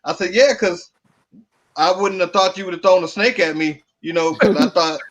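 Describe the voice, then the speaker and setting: High-voiced man, laid-back and joking. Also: normal speed. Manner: laid-back storyteller, dry humor, loose grammar. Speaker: podcast guest, beard company owner. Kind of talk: casual chat.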